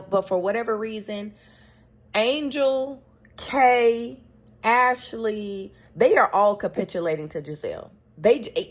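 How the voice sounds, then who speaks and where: A woman hosting a casual reality TV recap, chatty and opinionated, acting out quotes from the cast as she goes. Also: mid-range voice.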